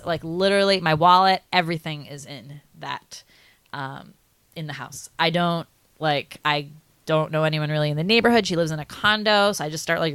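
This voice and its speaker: A young woman co-hosting a podcast, rambling through a story with constant likes and ums. Her voice sits a little low but comes out bright and forceful, and the recording is close and dry. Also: clear, resonant tone, no room sound. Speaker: podcast co-host. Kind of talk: casual storytelling chat.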